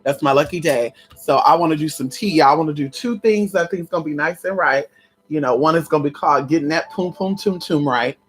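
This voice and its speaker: A woman's voice: low-pitched, a little fast. A woman hosting a casual livestream on conjure, sassy and chatty, calling her viewers honey and girl. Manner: breaks into loud laughs and exclamations. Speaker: livestream host teaching conjure.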